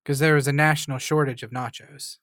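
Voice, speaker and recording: A man co-hosting a podcast, reading out odd news stories in a teasing, deadpan way during casual chat. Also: mid-range voice, fairly quick, dry recording, studio quality. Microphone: studio mic.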